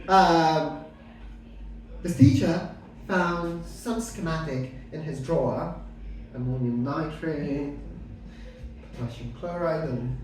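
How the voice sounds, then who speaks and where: A middle-aged man from Afghanistan doing stand-up comedy with dry, deadpan delivery, full of hesitant fillers and some crowd work. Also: fairly high pitch, a little hiss or hum. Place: comedy club stage. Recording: echoey room mic heard from a distance.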